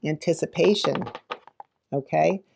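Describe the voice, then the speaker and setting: Brief: middle-aged woman teacher, fairly low voice, animated, dramatic storyteller, gasps for effect. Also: unhurried, creaky, slight background noise. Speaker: teacher and children's librarian. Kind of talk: teaching tips to camera.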